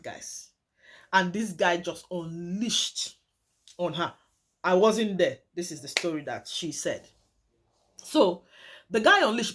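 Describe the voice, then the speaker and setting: A young woman telling a true story to her viewers, emphatic and dramatic, often repeating phrases and calling her audience "guys". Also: medium pitch.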